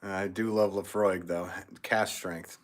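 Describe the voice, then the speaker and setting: An American man with a low voice and steady tone speaks slowly while hosting a casual pottery livestream. He reads viewer comments aloud, cracks jokes, and chuckles often.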